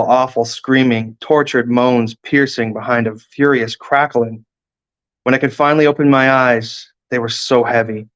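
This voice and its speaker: A man, an author, reading his own first-person fiction aloud in a steady storytelling manner. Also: medium pitch. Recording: dull lo-fi recording.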